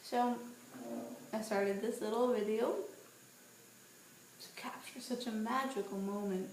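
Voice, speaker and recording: A woman's voice: fairly high pitch, measured pace. Chatty young woman vlogging outdoors. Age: 20s. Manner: chatty, animated, playful storytelling. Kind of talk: casual vlog monologue. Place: outdoors on a street at night. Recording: roomy echo with faint ambient noise.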